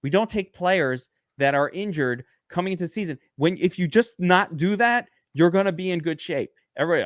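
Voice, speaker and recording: A man co-hosting a fantasy football podcast, talking in emphatic, animated, rapid-fire casual banter. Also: high-pitched, dry recording, studio quality.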